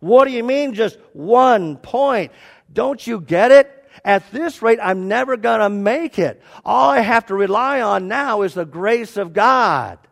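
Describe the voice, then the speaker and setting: A man's voice: big pitch swings, moderate pace, long reverb tail. A man voicing an anxious, indignant man at heaven's gate, pleading his case in a raised voice. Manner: indignant, high and loud.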